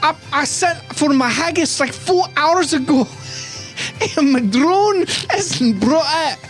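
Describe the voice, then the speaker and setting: A man voicing an impatient, hungry Scottish man in an improvised comedy bit, with a put-on Scottish accent, high-pitched and drawn out. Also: lively intonation, slow, faint music behind, exaggerated voice. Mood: indignant. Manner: exaggerated, breaking into laughter. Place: co-working space.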